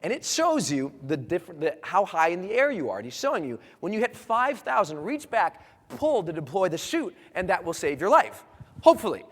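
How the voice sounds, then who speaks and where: A man with a very high, bright, sharp voice tells a story to a crowd with theatrical energy, throwing in sound effects and sudden shouts. His pitch leaps all over the place, and a long reverb trails each line through the large hall. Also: very animated, brisk. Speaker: motivational speaker. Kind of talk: animated storytelling talk to an audience.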